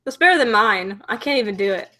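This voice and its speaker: A woman's voice: fairly high pitch, expressive, fast talker, bright, forceful tone. Giggly young woman with a Southern accent. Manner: giggly, reads viewer comments. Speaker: host. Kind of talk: casual livestream chat.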